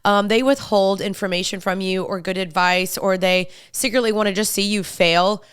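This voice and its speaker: Bubbly young woman with a smooth voice. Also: medium pitch, fairly even intonation, normal speed, fairly bright tone, no echo, clean studio sound. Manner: bubbly, chatty, fillers like "literally" and "like". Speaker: podcast host. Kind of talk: casual chat.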